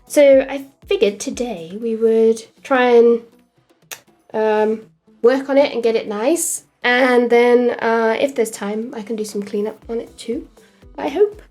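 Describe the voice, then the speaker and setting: A woman's voice: fairly high pitch, unhurried, a little mellow, faint music behind. A young woman chatting casually on a livestream while she animates, rambling and giggling, with lots of fillers and self-corrections. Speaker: streamer animator.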